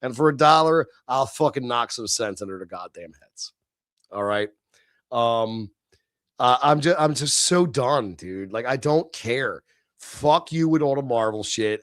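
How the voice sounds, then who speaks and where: A man's voice: mid-range voice, lively intonation, unhurried, a bit bright, no room sound, studio quality. A middle-aged man hosting a livestream, venting in a heated, profane, sneering rant. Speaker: livestream host. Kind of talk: ranting livestream monologue.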